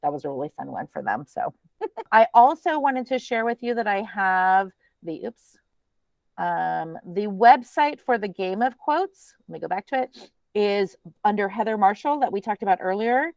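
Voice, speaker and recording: A woman with a creaky, mid-range voice runs a teacher training webinar at a moderate pace. Her delivery is casual and talkative, full of ums, and the audio has no echo.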